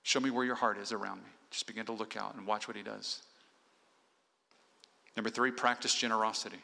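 A man's voice: fairly low pitch, fairly even intonation, fairly quick, vocal fry, pushed and bright. A male pastor preaching an earnest sermon in a church, exhorting the congregation point by point. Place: church sanctuary. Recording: long hall reverb.

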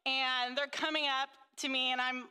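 A woman's voice: high voice, flat delivery, moderate pace, sharp tone, smooth, in a large hall. A woman sharing a casual faith testimony about being a mother. She gushes and fills her talk with restarts and fillers. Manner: gushing, full of fillers and restarts.

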